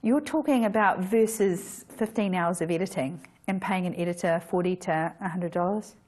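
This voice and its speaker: A woman's voice: fairly low pitch, normal speed, a little mellow. A woman photographer giving a casual workshop talk, chatty, with frequent restarts and self-corrections.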